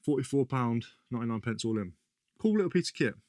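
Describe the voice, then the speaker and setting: A British reseller vlogger chats casually about his finds, slangy and prone to correcting himself mid-sentence. His mid-range voice is very animated, fast and a little mellow. The studio-quality recording has no room sound.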